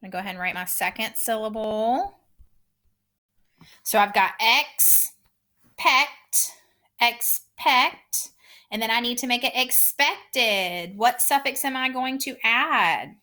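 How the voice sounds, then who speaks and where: Woman teacher, phonics lesson, very slow careful speech, bright tone, slightly high voice. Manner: slow, clearly sounding out words; patient, encouraging.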